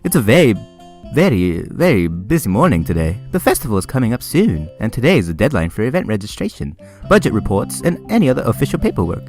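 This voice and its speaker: A man voicing a polite, delicate teenage schoolgirl who speaks softly, primly and hesitantly. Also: on the low side, very animated, fast, faint music behind. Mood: earnest. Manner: soft, prim and hesitant.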